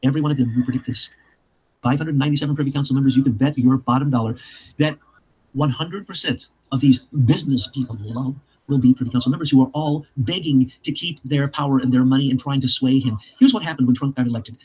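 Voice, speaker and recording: A man with an Ozark accent hosting a casual talk show, insistent and quick, piling up lists. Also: medium pitch, a little mellow, husky. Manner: rapid, insistent, piles up lists. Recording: muffled lo-fi recording.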